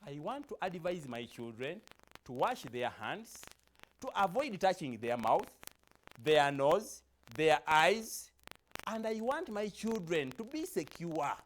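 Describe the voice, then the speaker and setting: A man's voice: a little high, big pitch swings, takes it slowly, a little hiss or hum. A man reciting a poem in the voice of an imprisoned father, asking plaintively over and over for his pen. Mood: anxious. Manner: plaintive, repetitive searching questions. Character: worried imprisoned father longing to write home.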